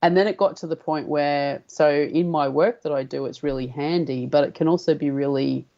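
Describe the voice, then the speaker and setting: A woman's voice: sits low, normal speed, warm tone, lo-fi sound. An Australian woman, a guest on a radio chat, telling stories and acting out the dialogue in them. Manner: storytelling, acting out her own quoted dialogue. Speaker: guest healer.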